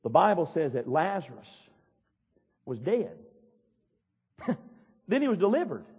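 Male pastor, fiery sermon, husky voice, dull echoey church recording. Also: a little high, very animated, unhurried. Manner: fiery preaching, yells and pounds the pulpit. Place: church sanctuary.

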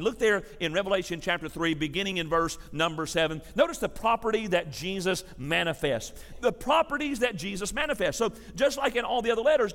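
A man preaching a sermon as a pastor, folksy and animated, with a drawl and chatty asides. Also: high-pitched. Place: church sanctuary. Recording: long hall reverb.

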